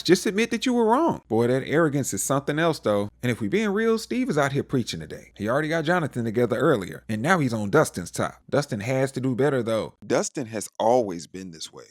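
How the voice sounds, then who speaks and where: A young man hosting a casual TV recap, animated and joking, acting out the characters' lines with playful slang. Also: mid-range voice. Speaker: recap show host.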